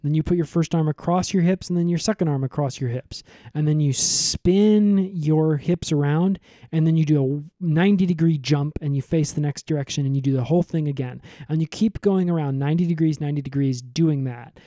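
Mellow rambling deadpan man. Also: a little high, fairly quick, no echo, studio quality. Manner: rambling, deadpan, full of fillers. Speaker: comedy podcast co-host. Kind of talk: improvised comedic recap.

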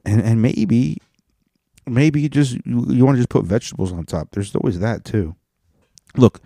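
A man's voice: fairly low pitch, lively intonation, moderate pace, mellow, no echo, studio quality. A man hosting a podcast, rambling profanely through a comedic rant and slipping into joke accents. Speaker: podcast host.

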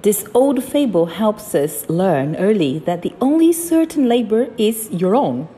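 A woman reading children's stories and fables aloud in a slow, expressive, sing-song way. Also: mid-range voice, husky. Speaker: storyteller. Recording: reverberant with soft music.

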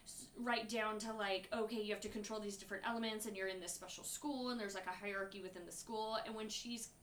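A woman co-hosting a podcast, rambling and animated through a movie review with plenty of swearing and "like" fillers. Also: mid-range voice, fast, slight background noise. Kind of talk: casual chat reviewing a movie. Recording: echoey room, a bit far from mic.

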